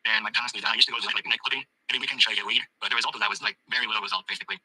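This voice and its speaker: A young man giving a coaching testimonial, rambling quickly with lots of fillers and restarts, speaking in a fairly monotone way. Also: lowish voice, slight background noise, poor audio. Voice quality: husky, monotone. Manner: fast, filler-heavy rambling with many restarts.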